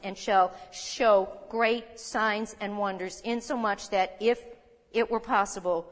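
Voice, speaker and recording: An older woman in her seventies giving conversational Bible teaching as a teacher, folksy, with chuckling asides and rhetorical questions. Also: medium pitch. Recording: reverberant hall.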